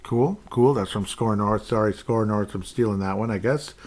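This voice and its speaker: Low-voiced man rambling sports talk. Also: moderate pace, darkish tone. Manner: rambling, jokey, plays with his voice. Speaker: podcast host. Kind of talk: solo sports podcast commentary.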